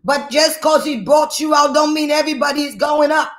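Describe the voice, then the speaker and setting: A man's voice: very high voice, steady tone, a little fast, fairly bright tone. A man preaching a sermon, working the crowd with call-and-response and repeated phrases. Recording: echoey room.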